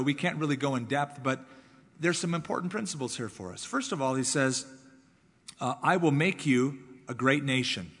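A man preaching a sermon as pastor, driving points home with repeated words and swings between loud and soft. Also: medium pitch, breathy edge, big-room sound.

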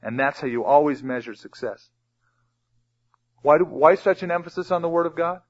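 A man's voice: on the high side, normal speed. A man preaching a sermon as pastor, emphatic and reading scripture aloud. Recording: dull lo-fi recording.

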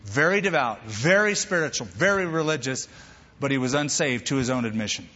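A man preaching a sermon, animated and talking straight to the congregation. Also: fairly high pitch, normal speed, long reverb tail, lo-fi sound. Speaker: pastor.

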